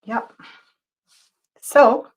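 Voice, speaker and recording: A woman hosting a live tarot reading show, talking to viewers in an emotional, intense, spiritual way. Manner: spiritual, guiding talk with quick changes of loudness. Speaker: tarot reader and show host.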